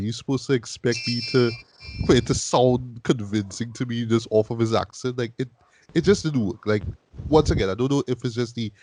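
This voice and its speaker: A man's voice: medium pitch, a little mellow, a little hiss or hum. A man hosting a casual film review chat, talking loosely and often tagging his sentences with "boy". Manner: loose and conversational, repeats "boy" as a tag. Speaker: podcast host.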